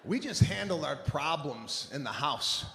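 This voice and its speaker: A man's voice: fairly high pitch, unhurried, vocal fry, slight background noise. A man doing stand-up comedy on stage, telling exasperated stories and acting out voices. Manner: animated, exasperated storytelling with acted-out voices. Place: live comedy venue on stage. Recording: roomy hall echo, faint ambience.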